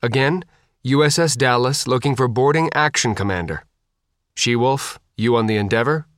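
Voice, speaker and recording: A man voicing a formal male navy submarine officer speaking in measured radio procedure. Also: mid-range voice, fairly bright tone, dry recording, studio quality, close to an everyday voice.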